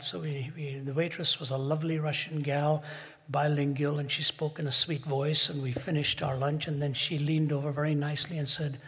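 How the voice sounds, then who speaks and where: Husky man speaking in a reverberant hall. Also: on the high side, fairly even intonation, fairly bright tone. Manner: rhetorical, storytelling, slows and presses for emphasis. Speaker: Christian speaker. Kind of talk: public talk to an audience.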